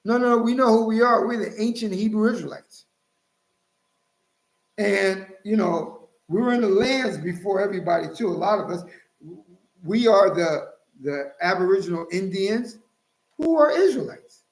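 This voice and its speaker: A man's voice: high voice, expressive, moderate pace. A man hosting his own channel, preaching emphatically and scolding his listeners as he cites scripture. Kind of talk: preaching commentary. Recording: roomy echo.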